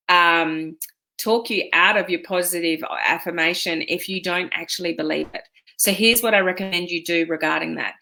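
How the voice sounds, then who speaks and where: Chatty woman with a bright voice. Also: lowish voice. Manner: chatty, encouraging, with many fillers and quoted self-talk. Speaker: online business coach. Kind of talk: casual motivational talk to an online community.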